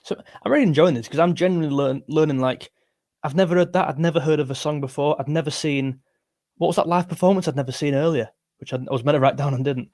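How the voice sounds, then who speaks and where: Sounding tired, a young English music livestream host reads through viewer comments in a chatty, rambling manner, often breaking off mid-thought. His voice runs somewhat high and slightly mellow, at a quick pace.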